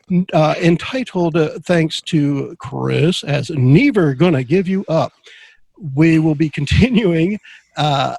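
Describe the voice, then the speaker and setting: Man, game master, gravelly voice, slightly high, dry close sound, rambling and chatty. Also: darkish tone, no room sound. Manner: rambling and chatty, with frequent laughs and filler. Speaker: game master and podcast host. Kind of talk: casual tabletop game chat.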